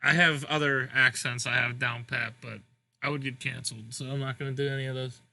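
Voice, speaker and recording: Very bright-voiced young man narrating casually. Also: medium pitch, a little fast, gravelly. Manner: relaxed, narrates events in a loose rambling way. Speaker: co-host booking a wrestling sim game. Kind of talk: casual gaming chat.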